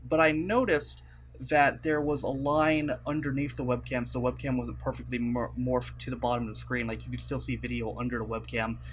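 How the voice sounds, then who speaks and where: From behind his computer desk, a young YouTuber rambles through a casual vlog, apologizing and using plenty of fillers as he talks to the camera. His medium-pitched voice is a little fast with little pitch movement, and the desk mic at his webcam setup adds a slight hiss or hum.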